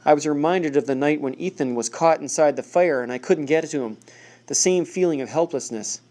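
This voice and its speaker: Mellow male audiobook narrator. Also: a little high, brisk. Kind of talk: first-person novel narration.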